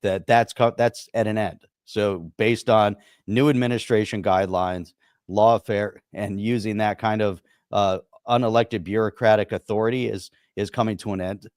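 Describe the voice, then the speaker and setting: A man's voice: fairly low pitch, darkish tone, no room sound. Dry-voiced rambling male co-host. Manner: rambling, emphatic, frequent "you know" fillers. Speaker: podcast co-host. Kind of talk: casual political chat.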